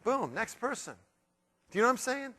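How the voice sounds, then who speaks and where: A man giving a live motivational keynote, playful and animated, acting out quoted voices as he works the room. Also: extremely high pitch, fairly quick. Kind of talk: live keynote speech with audience interaction. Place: large hotel conference room. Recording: long hall reverb in a big room.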